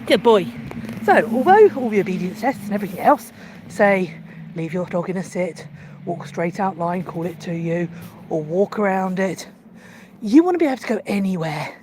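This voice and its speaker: A woman dog trainer giving a live demonstration, calmly explaining each step and breaking into high, gushing praise for her dog. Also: moderate pace, background noise.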